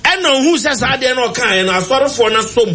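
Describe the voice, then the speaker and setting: A man's voice: very high voice, animated, a little fast, bright, forceful tone. A man with a Ghanaian accent arguing emphatically as a political commentator on a talk show. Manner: emphatic, argumentative, mixing languages.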